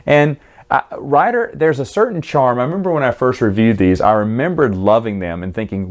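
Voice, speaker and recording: A man talking through a children's book in a loose, rambling review, tossing in wry comments along the way. His voice sits in a plain middle pitch, with an everyday, unpolished delivery. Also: big pitch swings, quick pace. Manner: chatty, rambling, wry, acts out the characters. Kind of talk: casual book review monologue.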